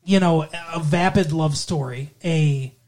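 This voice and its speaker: A man's voice: on the high side, a little slow, darkish tone. A man co-hosting a podcast, chatting casually and rambling about a movie, with casual swearing. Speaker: podcast co-host. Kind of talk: casual movie review chat.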